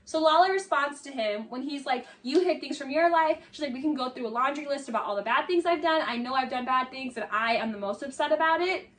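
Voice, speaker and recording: A woman giving casual, sarcastic commentary on a reality show, talking fast with lots of "like" fillers and sounding exasperated. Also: high voice, distant mic. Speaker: video essay commentator.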